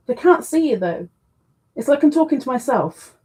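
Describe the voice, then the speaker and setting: A woman's voice: sits high, big pitch swings, moderate pace, dark tone, slightly rough. A woman hosting a casual crochet live stream, chatting with viewers, reading their messages aloud and cooing to her cat. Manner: coos affectionately to her cat between greetings.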